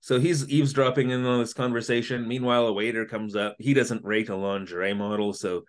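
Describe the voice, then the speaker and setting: A man co-hosting a casual podcast, retelling an episode in an animated, jokey way. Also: mid-range voice, fairly quick. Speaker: podcast co-host. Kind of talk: casual comedic recap chat.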